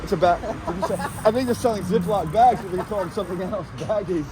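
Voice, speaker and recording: Man, high voice, rambling deadpan street report, crude jokes, faint traffic noise behind. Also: fast talker. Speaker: street vlogger asking passers-by questions. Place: city street at night, outdoors. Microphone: handheld camera.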